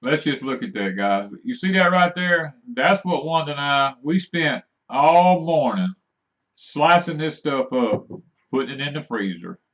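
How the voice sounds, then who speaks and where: A man's voice: a little high, lively intonation, unhurried, fairly bright tone. A middle-aged man, co-hosting a casual homestead live stream and telling farm stories in a folksy drawl. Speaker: homesteading channel co-host. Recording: dull lo-fi stream audio.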